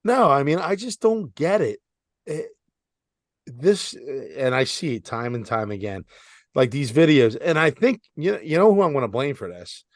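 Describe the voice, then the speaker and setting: Philly accent dude on a podcast, blunt and cussing, dry close sound. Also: male voice, on the high side, big pitch swings, moderate pace, no room sound. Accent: Philadelphia. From Philadelphia area. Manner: blunt, annoyed ranting with swearing. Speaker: podcast co-host. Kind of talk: casual chat.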